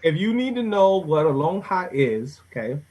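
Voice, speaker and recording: A man co-hosting a casual sports podcast, profane and excitable, ending lines with "okay?" and "bro". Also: on the high side, normal speed, dull audio, a little hiss or hum. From Mexican-American. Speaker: podcast co-host.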